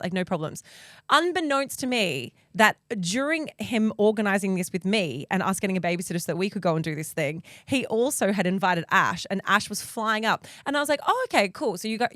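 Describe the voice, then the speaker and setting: A woman's voice: mid-range voice, fairly bright tone, no echo, studio quality. A woman co-hosting a podcast, telling a story in chatty casual talk full of fillers. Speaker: podcast co-host. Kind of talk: casual chat.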